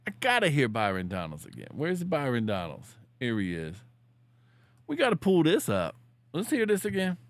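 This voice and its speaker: A man hosting a casual political commentary show, joking around in loose slang with bursts of shouted catchphrases. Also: medium pitch, wildly swooping pitch, normal speed.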